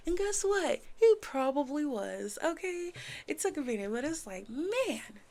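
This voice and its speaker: A woman reviewing a series in casual chat, animated, acting out characters' lines as she recaps. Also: high voice, measured pace. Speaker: show reviewer.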